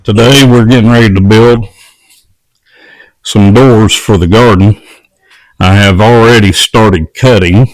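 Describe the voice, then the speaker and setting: A man's voice: lowish voice, fairly even intonation, unhurried, pauses often, dry recording. A man casually narrating step by step as he builds garden doors at a work table. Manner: plain, matter-of-fact step-by-step talk. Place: workshop or outdoor work table.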